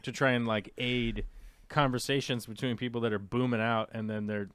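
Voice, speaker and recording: A man hosting a casual live talk show, rambling and animated with mocking asides. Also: medium pitch, normal speed, clear, resonant tone, no echo. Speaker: podcast host.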